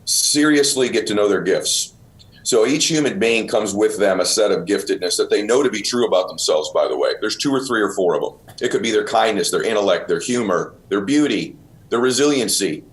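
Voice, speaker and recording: A man's voice: lowish voice, animated, normal speed. A middle-aged man, host of the show, earnestly telling a personal story and getting choked up, calling the listener brother. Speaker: podcast host.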